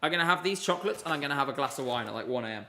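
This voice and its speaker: A man's voice: a little high, expressive, rapid-fire, background noise. A man hosting a casual live stream, chatty and rambling, chatting with viewers from his desk. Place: home room at a desk with laptops.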